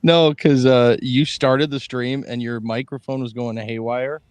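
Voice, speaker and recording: A man's voice: mid-range voice, steady tone, measured pace, a little mellow, clear, resonant tone, no echo. A man co-hosting a live fantasy football draft stream, easygoing and rambling in casual chat. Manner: easygoing, chuckling, rambling with restarts. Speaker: podcast co-host.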